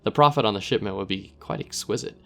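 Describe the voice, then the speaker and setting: Low-voiced man reading game text. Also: fast, creaky. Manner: relaxed, thinks aloud with fillers. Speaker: gaming video host.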